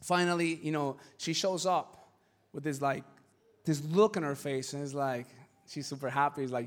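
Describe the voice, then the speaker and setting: A male pastor preaching with lively, emphatic delivery, acting out the people in his stories and sometimes rising to a shout. His voice sits high for a man. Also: normal speed. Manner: animated storytelling with acted voices. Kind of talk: sermon.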